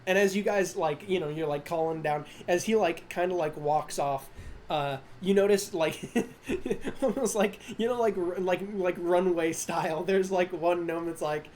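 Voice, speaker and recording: A man's voice: sits high, moderate pace, a little mellow, a little hiss or hum. A man narrating as game master of a tabletop game, rambling with many fillers and restarts and laughing at himself.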